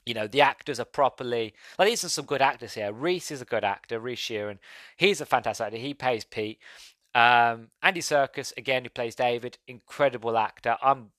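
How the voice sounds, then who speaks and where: A man's voice: medium pitch, a bit bright, no echo. A man hosting a podcast, reviewing a film in casual, rambling talk that goes off on tangents and breaks into laughs. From Britain. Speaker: podcast host.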